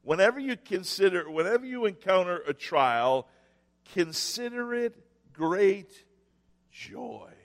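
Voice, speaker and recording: A man preaching a sermon, telling stories with sarcastic mock cheer and dramatic pauses. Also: high-pitched, expressive, long reverb tail. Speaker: pastor. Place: church sanctuary.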